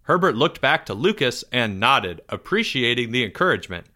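A man narrates a children's story aloud with expressive delivery. He lowers his voice for suspense. His tone is bright and forward. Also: moderate pace. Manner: expressive, drops softer for suspense.

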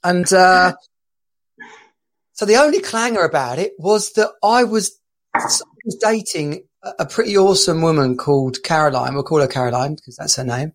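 A man with a slightly raised voice, co-hosting a casual chat podcast. He tells his anecdotes with animated energy and frequent laughter. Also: high-pitched, moderate pace. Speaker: podcast co-host.

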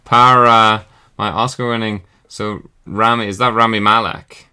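Wry low-voiced man with bright tone. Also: little pitch movement, a little slow. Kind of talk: casual chat.

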